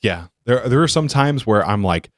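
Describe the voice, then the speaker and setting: A man's voice: medium pitch, normal speed, no room sound, clean studio sound. A man talking in a casual podcast discussion, rambling and correcting himself as he tells stories. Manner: rambling, self-correcting, animated storytelling.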